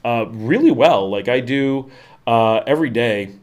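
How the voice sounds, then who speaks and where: Speaking at a measured pace in a medium pitch, a middle-aged livestream host from Western New York reads viewer comments in casual chat. He has a Buffalo accent and rambles, using plenty of fillers and restarts.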